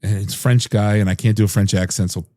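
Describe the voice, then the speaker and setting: Relaxed, mellow-voiced male podcast host. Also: lowish voice, fast talker, no room sound, clean studio sound. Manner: rambling, jokey storyteller with many restarts. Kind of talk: casual podcast chat.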